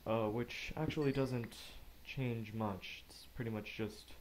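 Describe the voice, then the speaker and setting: A man giving casual let's play commentary, rambling and talking to himself with quick asides. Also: medium pitch, fairly even intonation, a little mellow, slight background noise. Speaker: gamer narrating gameplay.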